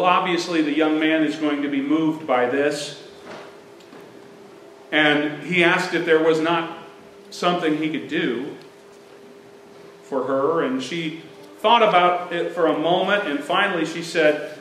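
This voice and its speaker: Middle-aged male pastor, high bright voice, unhurried storytelling sermon, echoey sanctuary. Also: slight background noise. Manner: storytelling, building to emphatic preaching. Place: church sanctuary.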